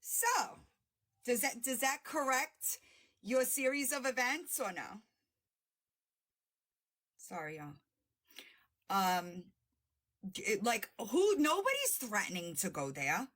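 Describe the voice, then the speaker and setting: A woman livestream host delivers a confrontational call-out full of swearing and taunts. Her voice sits high and swings widely in pitch as she presses each point. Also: big pitch swings, takes it slowly, long pauses, a bit bright. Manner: confrontational, profane, mocking.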